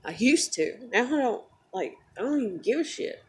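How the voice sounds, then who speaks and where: A woman's voice: a little high, lively intonation, normal speed, darkish tone, a little hiss or hum. A young woman who just woke up, tired and close to tears, rambling in an upset, swearing vlog rant full of fillers. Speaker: vlogger.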